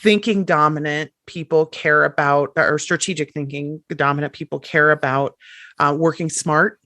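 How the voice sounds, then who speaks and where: A woman's voice: low voice, fairly even intonation, moderate pace, sharp tone, dry recording. A woman, a writing coach, talking as a guest on a podcast in an emphatic way, repeating words for stress. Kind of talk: conversational podcast interview.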